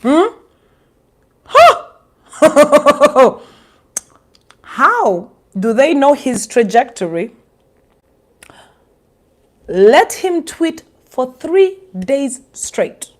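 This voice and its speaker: A young Ugandan woman with a Ugandan accent giving sarcastic, animated commentary, switching languages mid-sentence. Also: high voice, very slow, pauses often. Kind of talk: casual commentary monologue.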